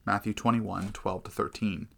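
A man giving a measured, earnest scripted narration of a Christian devotional book. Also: lowish voice, little pitch movement, creaky.

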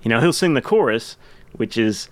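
A man's voice: medium pitch, lively intonation, moderate pace, no room sound. A man hosting a podcast, chatting enthusiastically about songs with some rambling restarts. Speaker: podcast host. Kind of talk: casual chat about music.

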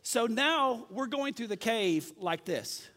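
High-voiced preacher in echoey hall. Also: male voice, takes it slowly. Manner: lively, self-mocking storyteller. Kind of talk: sermon storytelling.

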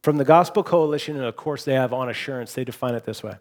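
A man in his forties preaching a sermon as a pastor. He speaks conversationally, repeats and restarts words, and swings between loud emphasis and hushed softness. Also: mid-range voice, quick pace, hardly any pauses.

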